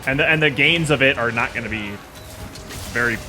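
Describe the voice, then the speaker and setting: A man's voice: medium pitch, fairly quick, music in the background. A man streaming a game and chatting casually, opinionated and rambling with lots of fillers. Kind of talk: casual gaming chat.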